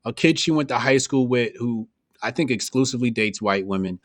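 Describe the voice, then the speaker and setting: Male host, mid-pitched voice, dry close sound, easygoing and anecdotal. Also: brisk, dry recording. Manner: relaxed, anecdotal, agreeable interjections. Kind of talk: casual conversation.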